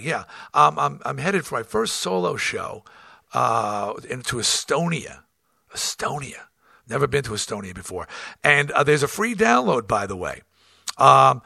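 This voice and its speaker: A middle-aged man hosting his own show, telling a road story in a blunt, profane, animated way. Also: medium pitch, gravelly, no room sound, clean studio sound. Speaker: host. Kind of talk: storytelling monologue.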